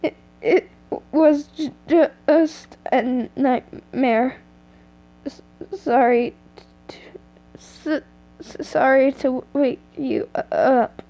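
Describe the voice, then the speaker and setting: A woman's voice: on the high side, little pitch movement, slow pace, dark tone. A woman reading aloud and voicing a frightened young woman who stammers shakily through tears. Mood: teary.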